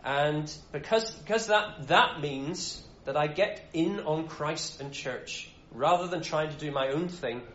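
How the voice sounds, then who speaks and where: A man's voice: fairly high pitch, unhurried, hardly any pauses, a bit bright, a little hiss or hum. Man giving a casual, chatty sermon. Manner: casual, conversational, frequent restarts. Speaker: Bible teacher. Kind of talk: informal sermon. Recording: roomy, dull sound.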